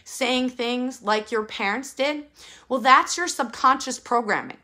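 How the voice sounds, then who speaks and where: A woman's voice: high-pitched, unhurried, sharp tone. A woman in her thirties giving an urgent, emphatic motivational talk to parents, repeating her key phrases. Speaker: parenting coach.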